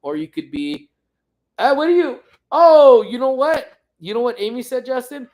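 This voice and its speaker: A man's voice: very high-pitched, big pitch swings, moderate pace, a little mellow. A man hosting a casual livestream from home, reading viewer comments and rambling along with jokes and teasing. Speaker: livestream host.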